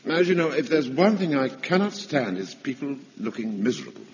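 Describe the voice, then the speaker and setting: A polite, hesitant gentleman sergeant in a radio comedy, always vague and diffident. His voice lilts up and down, and the old broadcast is muffled with heavy hiss. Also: medium pitch, big pitch swings, brisk.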